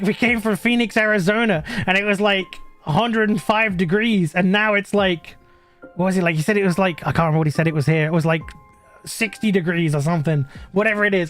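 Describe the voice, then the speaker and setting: A British man with an unusually high voice tells a story to his live stream in loose, rambling chat. He trips over restarts and fillers and breaks into laughs mid-sentence. Soft music plays quietly behind him. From Britain.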